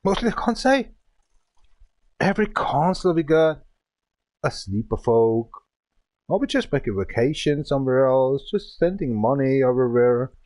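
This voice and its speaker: A man's voice: medium pitch, lively intonation, moderate pace, pauses often, a little mellow, no echo. A man in his thirties from Germany, a native German speaker talking English with a German accent, ranting and swearing in broken English on a casual game stream. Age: 30s.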